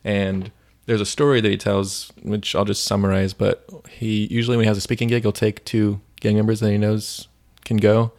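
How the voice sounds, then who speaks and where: A man's voice: fairly low pitch, level tone, moderate pace, vocal fry, few pauses, a little mellow. A man co-hosting a faith podcast, chatting casually and retelling stories with many fillers. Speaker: podcast co-host.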